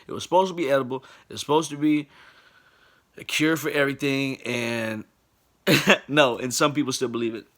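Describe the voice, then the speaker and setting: A medium-pitched man in his late twenties recounts an amusing episode from his own life. He's lively and relaxed about it, laughing as he goes and performing the voices of the people in the story.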